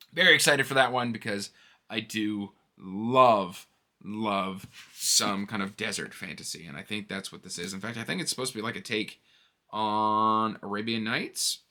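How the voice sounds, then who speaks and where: A man in his thirties talks through his reading plans in a casual, rambling vlog, breaking into animated asides. His voice is bright and forward and sits at an ordinary middle pitch. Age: 30s. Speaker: book channel host.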